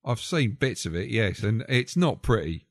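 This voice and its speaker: A man's voice: fairly low pitch, big pitch swings, moderate pace, no echo, studio quality. A man co-hosting a podcast, grumbling and swearing in casual banter. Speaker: podcast co-host.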